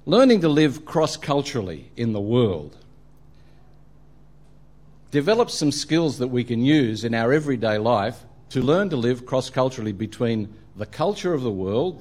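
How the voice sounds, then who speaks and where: A man's voice: medium pitch, big pitch swings, moderate pace, darkish tone. Australian man telling a humorous sermon. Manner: humorous storytelling, frequent ums and uhs. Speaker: preacher. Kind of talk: sermon with anecdotes.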